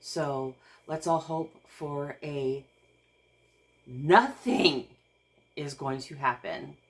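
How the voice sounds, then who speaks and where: Low slow-talking overwhelmed woman vlogger. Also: steady tone. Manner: overwhelmed and near tears, laughing nervously; rambling with restarts and sighs. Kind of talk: casual vlog talk to camera.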